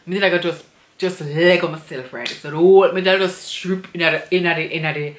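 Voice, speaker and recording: A woman with a Jamaican accent, vlogging an animated, indignant storytime review in patois. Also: fairly low pitch, fairly quick, echoey room, a little hiss or hum.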